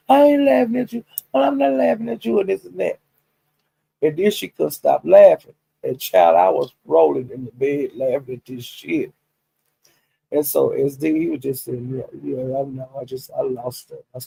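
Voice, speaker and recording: A man with an extremely gravelly, husky voice tells gossip in a loose, profane way. His tone is dark and mellow, and the pitch sits a little high for a man. He is recorded dry and close. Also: no room sound, poor audio. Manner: profane, animated, talks directly to listeners. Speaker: storyteller recapping a livestream. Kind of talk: casual gossip storytelling.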